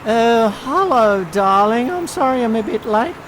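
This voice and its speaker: A man's voice: very high voice, expressive, a little slow, background noise, pitched above the performer's own voice. A man voicing a chatty, theatrical woman friend. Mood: gushing. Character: chatty Australian woman friend, fussing and gossipy.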